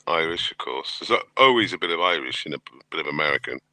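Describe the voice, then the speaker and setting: A man's voice: very deep voice, expressive, fast, pushed and bright, dry recording. A Welsh man hosting a livestream, making mocking, dismissive political remarks in casual talk. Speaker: stream host.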